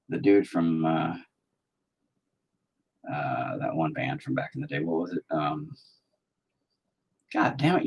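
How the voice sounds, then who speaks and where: Husky, lively-voiced man rambling while painting. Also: low-pitched. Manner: rambling, profane, self-mocking. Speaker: painting vlogger. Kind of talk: casual chat while painting.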